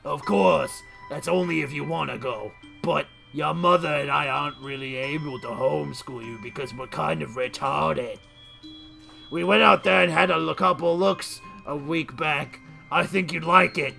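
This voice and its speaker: A man voicing a calm middle-aged father in a comedic visual novel reading. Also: fairly high pitch, normal speed, vocal fry, soft background music, exaggerated voice. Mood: reassuring.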